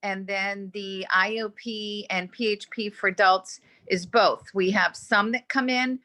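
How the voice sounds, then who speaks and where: Brief: upbeat, bright woman from Boston, phone audio. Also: mid-range voice, steady tone, unhurried. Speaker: hospital staff. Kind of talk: casual chat on a video call.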